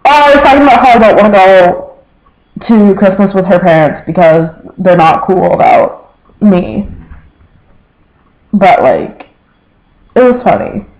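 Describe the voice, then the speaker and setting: High-voiced young man rambling to camera. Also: lively intonation, unhurried, pauses often, a little mellow, low-quality recording. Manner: rambling, filler-heavy, quotes family members. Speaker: vlogger. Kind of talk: casual personal storytelling.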